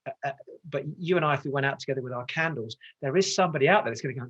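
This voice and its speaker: A man's voice: mid-range voice, a bit bright, highs cut off. A male transformational coach from the UK, talking passionately and getting carried away as a podcast guest over a video call. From United Kingdom. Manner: passionate, gets carried away, talks fast. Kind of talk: motivational interview talk.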